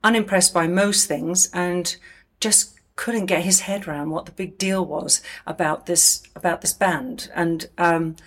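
Chatty woman telling a story. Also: fairly low pitch. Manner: chatty, with fillers and asides. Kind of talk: casual anecdotal storytelling.

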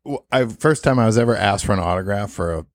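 A man with a lowish voice co-hosts a podcast and talks in a halting, self-correcting way. The sound is close and dry. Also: animated, dry recording. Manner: hesitant, many restarts. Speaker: podcast co-host. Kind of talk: casual podcast chat.

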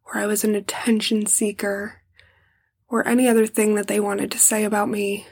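A young woman hosting a personal podcast, speaking emotionally and pausing often to hold back tears, sometimes dropping to a soft whisper. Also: mid-range voice, flat delivery, slightly rough. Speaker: podcast host.

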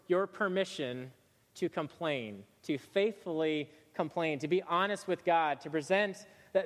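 A man's voice: on the high side, long reverb tail. A man giving a sermon as a pastor, speaking in a casual, conversational way with frequent restarts.

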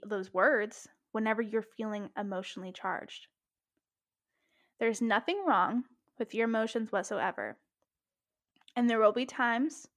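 A young adult woman hosting a casual self-help talk, candid and emphatic, swearing freely and saying "like" often. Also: fairly high pitch. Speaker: podcast host.

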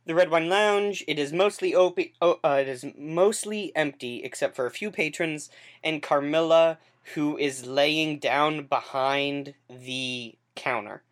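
A woman's voice: sits low, measured pace. A woman narrating as game master of a tabletop game, chatty and full of fillers.

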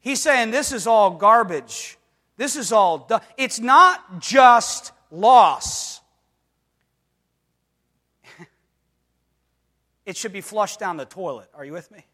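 Here the preacher, a grown man, talks slowly with long pauses, his high-pitched voice bright and forceful and his intonation lively. In the echoing hall he presses the congregation with call-and-response questions about whether they're with him, and he performs quoted speech in sudden, dramatic bursts.

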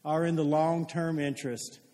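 A man's voice: fairly high pitch, little pitch movement, normal speed, dark tone. A man preaching a sermon as a pastor, telling stories with earnestness and putting questions to his congregation. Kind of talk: sermon with storytelling. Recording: long hall reverb.

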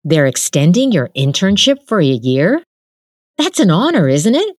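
A woman's voice: mid-range voice, normal speed, no echo, studio quality, voice pushed up. A woman voicing an eager, supportive young male student in a storybook reading. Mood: excited. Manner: excited, warm encouragement.

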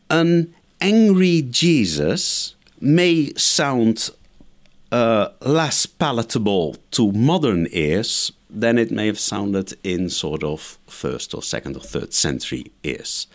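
A man's voice: mid-range voice, sing-song, slow. A man, a scholar guest in an interview, giving methodical explanatory answers point by point. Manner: lecturing, methodical, enumerates points.

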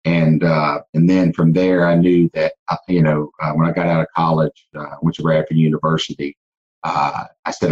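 A man's voice: extremely low pitch, level tone, moderate pace, a little mellow. A middle-aged man with a Southern accent tells his life story in a casual podcast interview, earnest, with many restarts. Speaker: guest, car dealership owner. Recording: dull lo-fi sound.

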